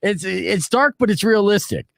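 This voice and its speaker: Lively, jokey middle-aged male radio host. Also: high voice, normal speed, gravelly, dry recording. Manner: lively, jokey storytelling with dry punchlines. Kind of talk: casual morning-show banter. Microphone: studio mic.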